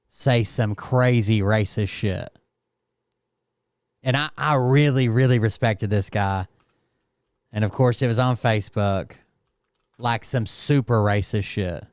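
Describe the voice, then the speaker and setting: A man's voice: fairly low pitch, clean tone, no echo, studio quality. A man hosting a casual reaction commentary, rambling and hesitant with frequent restarts. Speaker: commentary channel host.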